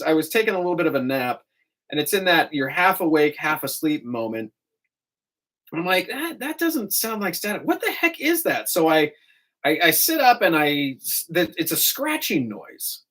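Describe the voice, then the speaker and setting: Man, morning radio host, lively swooping pitch, chatty storyteller, studio mic. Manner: chatty, animated storyteller with quick asides. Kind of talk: casual radio talk.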